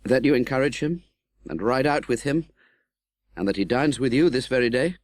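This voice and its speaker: A man reading an audiobook in scripted narration, expressive and dramatic, voicing the young hero's pleas. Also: mid-range voice, normal speed, no room sound.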